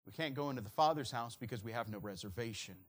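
A man preaching a sermon earnestly, moving between loud emphasis and quiet, slow stresses. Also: medium pitch. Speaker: pastor.

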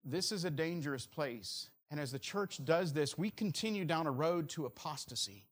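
A man preaching a sermon earnestly, moving between loud emphasis and quiet, slow stresses. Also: fairly high pitch, expressive. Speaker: pastor.

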